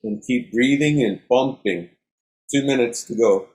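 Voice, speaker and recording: Calm middle-aged male yoga teacher, steady instructive cues, mid-pitched voice. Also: measured pace. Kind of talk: guided breathing class.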